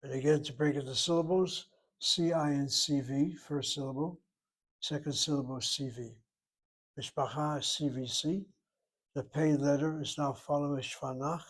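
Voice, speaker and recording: Guy teaching hebrew, slightly high voice, slow and careful, stresses each syllable. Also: fairly even intonation, poor audio. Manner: slow, explanatory, stressing syllables and vowel marks. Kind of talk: recorded independent-study lesson.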